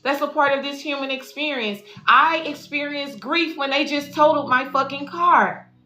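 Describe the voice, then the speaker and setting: A woman's voice: high voice, normal speed, bright, forceful tone. A woman giving a casual, profane, affectionate spiritual reading to viewers, calling them y'all and baby. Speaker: spiritual life coach and intuitive reader. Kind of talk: casual tarot reading livestream. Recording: echoey room with faint music.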